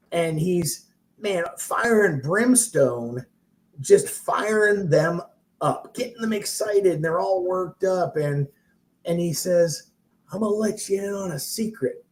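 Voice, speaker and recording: Warm-voiced, rambling male storyteller. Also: fairly high pitch. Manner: rambling, self-interrupting, animated storyteller. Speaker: mortgage professional and trainer. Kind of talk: casual storytelling on a live stream.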